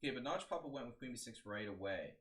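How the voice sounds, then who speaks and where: A man's voice: mid-range voice, lively intonation, fast talker, fairly bright tone. A man analyzing a chess game on a live stream, talking casually and thinking aloud with lots of fillers and restarts.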